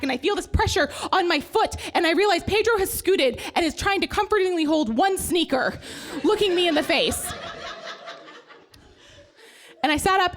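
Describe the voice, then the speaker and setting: A woman's voice: very high voice, a bit bright. A woman telling a funny, self-deprecating personal story on stage. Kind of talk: live comic storytelling. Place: stage before a live audience.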